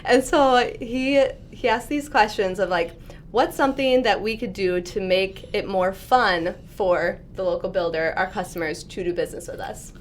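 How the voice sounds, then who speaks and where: A woman's voice: mid-range voice, normal speed. Woman interviewer, encouraging and conversational, light noise in the background. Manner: encouraging, frequent short backchannels. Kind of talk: casual podcast interview.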